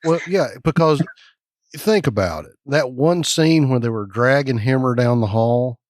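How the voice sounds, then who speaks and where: A man's voice: mid-range voice, measured pace, darkish tone, dry recording, studio quality. A man co-hosting a casual podcast, speculating and musing aloud. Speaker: podcast co-host.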